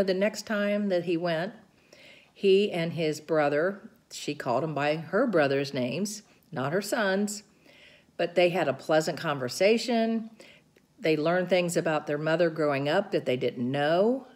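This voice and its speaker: A middle-aged woman with a slightly low voice, passing on what she learned at a caregiving seminar. She talks informally and earnestly, walking through tips and describing hand gestures as she speaks. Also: darkish tone. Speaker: caregiver sharing seminar notes. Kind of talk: informal talk recounting a seminar.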